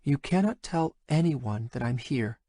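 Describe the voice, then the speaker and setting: A male narrator voicing a shy, frightened young woman who speaks softly and hesitantly in an audiobook. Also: medium pitch, expressive, measured pace, no echo, voice pushed up. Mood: anxious pleading. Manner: soft, pleading, hesitant. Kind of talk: audiobook character voice.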